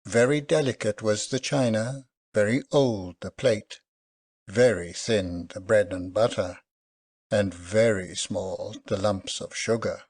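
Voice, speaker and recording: A man narrating an audiobook in a measured, even way. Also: fairly low pitch, husky.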